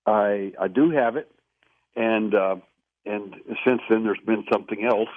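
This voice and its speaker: A man's voice: fairly low pitch, fairly even intonation, measured pace, dry recording. A man being interviewed, telling his stories in an earnest, emphatic way. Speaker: interview guest. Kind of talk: phone-in interview storytelling. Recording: tinny phone line, dry.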